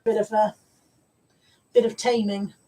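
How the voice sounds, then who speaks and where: A woman's voice: medium pitch, flat delivery, measured pace, dark tone, distant mic, poor audio. A woman hosting a casual live stream, chatty and rambling as she greets viewers. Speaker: live-stream host and reseller.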